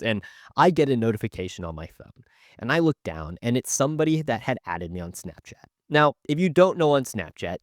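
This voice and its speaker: A young man spins a story for his viewers in a loose, chatty way, peppering every line with filler and little jokes. His voice sits at an ordinary middle pitch. The sound is dry and close, with no room around it. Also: dry recording. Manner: chatty, filler-heavy, jokey asides. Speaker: YouTuber telling stories. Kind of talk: casual storytime narration.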